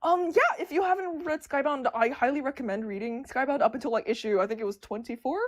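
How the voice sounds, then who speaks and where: High-voiced excitable woman who stutters. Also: fast. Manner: excitable, stutters and restarts words. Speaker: streamer discussing comics with chat. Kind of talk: casual livestream chat.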